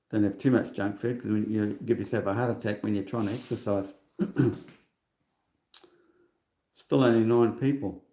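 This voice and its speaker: A man's voice: on the low side, warm tone, reverberant. A man in his sixties hosting a livestream in a rambling, casual monologue, scornful and full of chatty asides. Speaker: livestream host.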